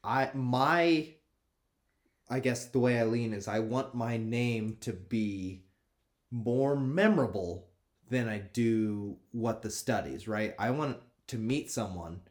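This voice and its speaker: A man's voice: lowish voice, takes it slowly. A man from the northern United States, co-hosting a casual podcast chat and joking around. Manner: laughing, jokey, slips into playful put-on voices. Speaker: podcast co-host.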